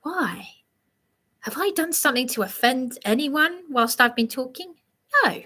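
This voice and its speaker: A woman rambling through a live monologue, preaching and sounding aggrieved as she answers a commenter in a slow, halting way. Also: high voice, lively intonation, bright, forceful tone.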